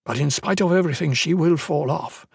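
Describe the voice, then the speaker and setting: An anxious, stubborn ship's skipper, as a male audiobook narrator puts him on, protests in a raised, agitated voice. The tone is gravelly and husky, recorded close and dry. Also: fairly high pitch, a little fast, no room sound, voice pushed up.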